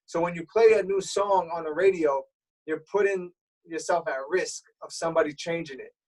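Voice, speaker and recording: A man being interviewed as a radio DJ, explaining things in a relaxed, streetwise way. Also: on the high side, normal speed. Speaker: radio DJ guest. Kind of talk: casual interview chat. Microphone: remote call. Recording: voice a bit far from the mic.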